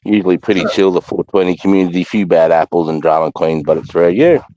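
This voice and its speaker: An Australian man with a very low voice rambles through a loose livestream chat, swearing freely. The sound is dry and close, with no room echo. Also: fast talker, dark tone. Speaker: livestream host. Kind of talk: casual chat.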